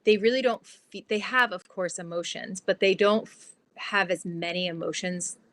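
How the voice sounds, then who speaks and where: A woman guest on an interview podcast, explaining her ideas in a lively, chatty way with lots of "like". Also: mid-range voice, normal speed. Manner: animated, explanatory, fillers like "like". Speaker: guest, transformation guide.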